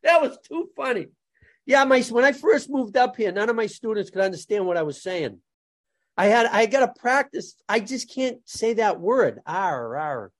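A man's voice: very high-pitched, animated, normal speed. A man, a jujutsu instructor telling funny stories in a casual podcast chat. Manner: jokey storyteller, laughs at his own stories.

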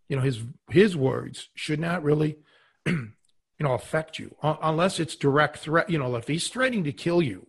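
A man's voice: fairly high pitch, gravelly, husky. A man co-hosting a podcast, talking casually with many fillers and giving earnest advice. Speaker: podcast co-host.

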